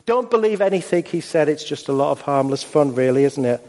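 Man doing a sly, dismissive tempter, lower than his own preaching voice, long hall echo. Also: expressive, a little fast, a little mellow, natural voice. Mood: coaxing. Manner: coaxing, dismissive. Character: sly laughing tempter voice, male.

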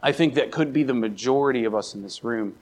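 A young adult pastor from the Baltimore area preaches a sermon in a church sanctuary, telling a personal story and animatedly acting out scenes with a raised voice. He talks fast in a mid-range voice, with a little hiss or hum in the audio.

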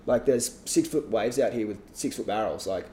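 A man chatting casually about competition surfing, relaxed and rambling, with frequent restarts. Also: lowish voice, normal speed, a little hiss or hum. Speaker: surf analyst guest. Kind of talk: casual podcast chat.

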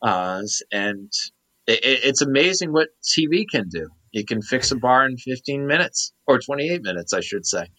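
A man's voice: medium pitch, sing-song, moderate pace, bright, forceful tone, poor audio. A man in his thirties co-hosting a podcast, chatting casually and rambling with lots of fillers. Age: 30s. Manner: rambling, many fillers and restarts. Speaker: podcast co-host. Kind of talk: casual chat.

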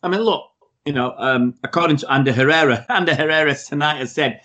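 A man's voice: fairly high pitch, fast talker, bright, forceful tone. A man co-hosting a podcast, talking about football in an emphatic, opinionated way. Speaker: podcast co-host. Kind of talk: casual football chat.

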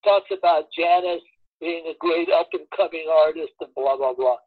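A man's voice: fairly high pitch, normal speed, no room sound. A man casually telling anecdotes about his years as a record promotion man, acting out the voices of people in his stories. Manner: animated storyteller acting out quoted voices. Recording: dull lo-fi dry recording.

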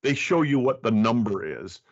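A man's voice: mid-range voice, moderate pace, highs cut off. A man who is a guest on an interview podcast, explaining ideas casually and often restarting his sentences. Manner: explanatory, circles back with restarts.

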